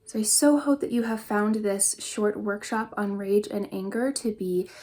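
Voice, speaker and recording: A young adult woman leads a mindful parenting workshop in an earnest, encouraging voice of middle pitch. She explains calming exercises step by step and shows them as she goes. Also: normal speed. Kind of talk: instructional workshop talk.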